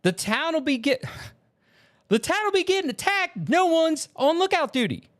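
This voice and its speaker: A man voicing an intense young male warthog berserker in a put-on American Southern accent, loud and rowdy. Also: extremely high pitch, big pitch swings, normal speed, pitched above the performer's own voice, heavily acted.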